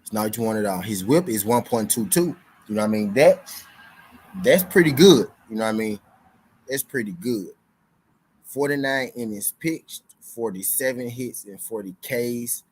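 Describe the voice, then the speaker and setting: A man's voice: on the low side, normal speed, a little mellow, a little hiss or hum, low-quality recording. A young man hosting a sports betting stream in loose, slangy casual chat, repeating his lines for emphasis. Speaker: sports betting show host.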